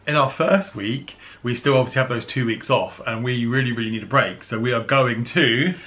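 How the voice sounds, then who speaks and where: A man's voice: medium pitch, moderate pace, a bit bright. A man from the UK chatting casually about travel plans as a vlogger, laughing often and using lots of fillers. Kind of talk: casual chat.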